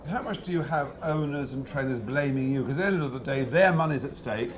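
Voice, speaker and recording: A man's voice: medium pitch, fairly quick. A host asking jokey, ribbing questions of his guests in a pub. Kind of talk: teasing interview questions. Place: pub, live audience.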